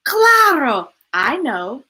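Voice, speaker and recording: A woman's voice: high-pitched, sing-song, drawn-out words, pushed and bright, exaggerated voice. A woman voicing a stern, loving father with a firm, commanding manner in a storybook read-aloud.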